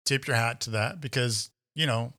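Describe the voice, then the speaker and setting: Give me a man telling a story on a podcast, casual and animated, acting out each voice. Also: medium pitch, moderate pace.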